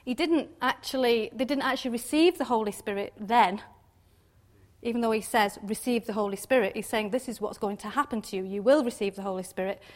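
Woman, informal Bible teacher, slightly high-pitched, chatty with frequent tag questions. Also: brisk. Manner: chatty, laughs often, many tag questions. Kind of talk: informal devotional talk.

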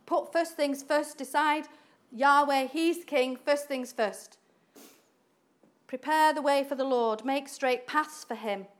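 A woman preaching a sermon in an animated way, acting out quoted voices and laughing often. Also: high-pitched, slow pace.

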